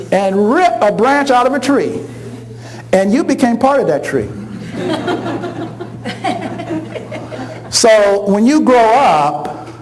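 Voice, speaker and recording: Laughing along as he speaks, a middle-aged man with a high voice tells a funny personal anecdote in an animated way, imitating the voices of the people he quotes. The recording quality is low.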